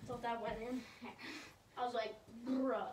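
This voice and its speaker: A young woman chatting casually and excitedly while playing a game, slangy and quick to laugh. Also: a little high. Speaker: knee hockey player. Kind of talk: casual play-by-play banter. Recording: echoey room, distant mic, noisy.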